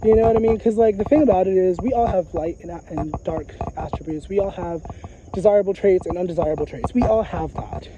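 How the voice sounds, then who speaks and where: A man's voice: high-pitched, fairly quick, lo-fi sound, noisy background. A man talking in a casual, rambling monologue, emphatic and profane, circling back with repeated filler phrases. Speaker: psychic vlogger. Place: outdoors in a graveyard.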